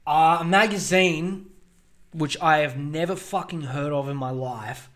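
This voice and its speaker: A man's voice: a little high, measured pace, fairly bright tone. A young man hosting a solo podcast, ranting sarcastically and swearing freely. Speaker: podcast host.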